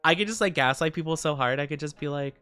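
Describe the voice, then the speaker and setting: A man's voice: fairly high pitch, fast talker, pushed and bright, smooth, dry recording, soft background music. A man streaming and chatting casually with viewers, playful and giggly, rambling freely. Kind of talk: casual live-stream chat.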